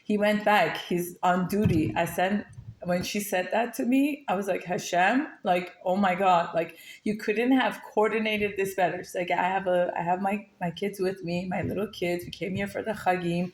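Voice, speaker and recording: A woman's voice: medium pitch, fairly even intonation, moderate pace, echoey room. A woman giving a casual, chatty Torah lesson, telling personal stories with lots of fillers and restarts. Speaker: Torah class teacher.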